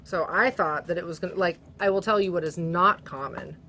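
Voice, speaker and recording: Chatty woman with a lowish voice. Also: fairly quick, sharp tone, a little hiss or hum. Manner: chatty, fills sentences with "like". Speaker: guest. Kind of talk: casual chat.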